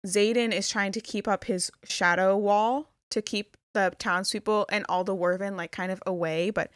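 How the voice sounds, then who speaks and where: A young woman recaps a fantasy plot in loose, rambling casual chat, peppered with fillers. Her voice sits at a middling pitch, recorded close and dry with no room sound. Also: steady tone, normal speed, dry recording. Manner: rambling retelling with many "like" fillers. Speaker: podcast co-host.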